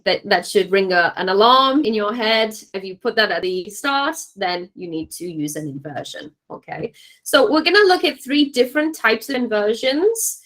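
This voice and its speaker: A woman leads an exam-prep language class in a clear mid-range voice. She explains things patiently and encouragingly and keeps checking that the students are following. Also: medium pitch, animated, normal speed, a bit bright, rough recording. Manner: encouraging, checks understanding with frequent "okay?". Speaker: English teacher.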